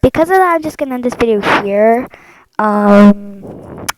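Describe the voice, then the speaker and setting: A woman gives casual commentary as she plays a game on her own channel. Her voice sits fairly high and she speaks at an unhurried pace. She is excitable and quick to break into dramatic outbursts. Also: low-quality recording. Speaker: gaming channel host.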